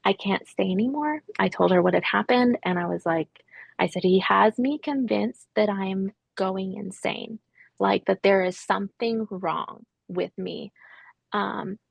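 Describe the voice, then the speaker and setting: A woman's voice: mid-range voice, fairly even intonation, a little slow, creaky, slightly rough, dry recording. A woman in her thirties, a podcast guest, recounting a painful personal story hesitantly, with many ums and restarts, sometimes dropping to a whisper. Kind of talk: interview storytelling.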